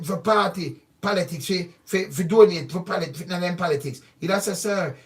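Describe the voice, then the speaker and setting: A man's voice: a little high, a bit bright, recorded from a distance. A man with a Jamaican accent giving an emphatic, repetitive political commentary monologue, pressing his points with insistent questions.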